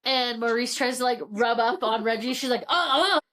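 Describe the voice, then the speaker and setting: A woman's voice: on the high side, level tone, a little fast, crowd noise. Chatty woman retelling a book plot. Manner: retells the plot with quoted character lines, lots of "like"; swears casually. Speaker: podcast co-host. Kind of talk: casual book chat.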